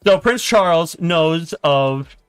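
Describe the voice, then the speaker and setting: A man's voice: a little high, lively intonation, takes it slowly, smooth, dry recording, soft background music. A man streaming a board game, telling a story in a joking, hesitant way.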